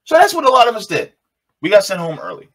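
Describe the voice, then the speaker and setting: A man tells a story from his own life in a loose, conversational way. His voice sits a little high and swings widely in pitch as he repeats phrases. When he quotes other people, his voice jumps up. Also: big pitch swings, fast talker, a bit bright. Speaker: video host. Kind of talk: casual personal storytelling.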